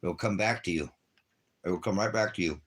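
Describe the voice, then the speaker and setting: A man's voice: sits low, brisk, slightly rough. A man, talking casually and rambling to his viewers on a livestream. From Los Angeles, United States. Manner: rambling, chatty, talks straight to viewers. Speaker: ministry livestreamer.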